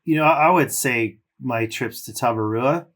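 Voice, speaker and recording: This former professional surfer from California, now middle-aged, has a mid-range voice and an unhurried delivery. As a guest on a podcast, he wanders through long tales casually, with plenty of easygoing fillers.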